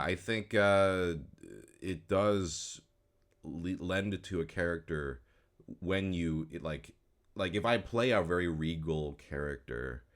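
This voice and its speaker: A man in his thirties, a voice actor, giving casual commentary in a relaxed, rambling way, with many fillers and trailing-off phrases. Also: low voice. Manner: says his own speech is not super crisp. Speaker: voice actor and YouTuber.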